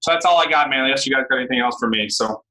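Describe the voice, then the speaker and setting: A man in his thirties giving a fired-up motivational pep talk on a team call, shouting often and calling the listeners "guys" and "man". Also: mid-range voice, racing, rough recording. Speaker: guest speaker on a team call.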